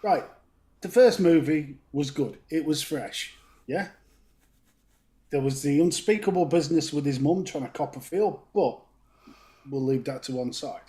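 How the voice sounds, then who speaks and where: A man co-hosting a live stream, making his points dryly and deliberately with rhetorical questions. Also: fairly high pitch, mellow. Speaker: co-host. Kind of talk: casual live-stream banter.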